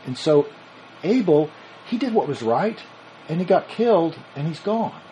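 A man's voice: on the high side, sing-song, measured pace, dark tone, a little hiss or hum, low-quality recording. A man teaching a sermon on scripture in a conversational way, reasoning aloud and restarting his sentences. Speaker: Bible teacher.

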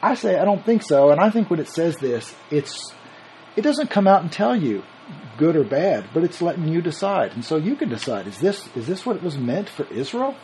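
A man's voice: a little high, very animated, moderate pace, a little mellow, a little hiss or hum, low-quality recording. A man teaching a sermon on scripture in a conversational way, reasoning aloud and restarting his sentences. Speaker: Bible teacher.

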